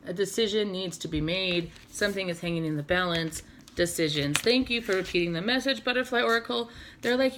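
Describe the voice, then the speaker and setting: A woman's voice: mid-range voice, fairly quick, fairly bright tone, a little hiss or hum. A woman doing a casual, chatty tarot reading, laughing often and swearing casually. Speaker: tarot reader.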